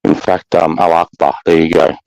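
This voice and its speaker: A man's voice: sits low, monotone, brisk, gravelly, darkish tone, dry recording, rough recording. A man with an Australian accent, a former soldier telling war stories in a casual talk, blunt and full of swearing. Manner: blunt, sweary, heavy use of "mate" and "bro". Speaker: army veteran guest. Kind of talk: casual podcast conversation.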